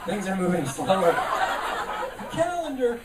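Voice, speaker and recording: A man's voice: high voice, a little slow, heavy background noise. A man doing a live stand-up set, riffing with the audience. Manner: animated, riffing with the crowd. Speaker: stand-up comedian. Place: comedy club stage. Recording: roomy live club, distant mic, loud crowd. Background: audience laughter.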